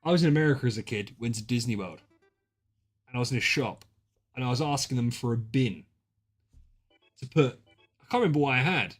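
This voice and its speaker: A British man at his desk mic, streaming a drawing game with his mates. He is excitable and sweary, with a mid-range voice, trading banter and reacting to every guess. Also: mid-range voice, fairly quick, pauses often, breathy edge, faint music behind. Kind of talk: casual gaming stream chat.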